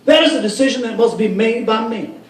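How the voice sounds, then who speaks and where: A man's voice: very high voice, brisk. A man putting on a pompous cleric-politician, mock Arabic accent. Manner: pompous, oratorical. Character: pompous male cleric-politician giving a speech. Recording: roomy sound from a far mic.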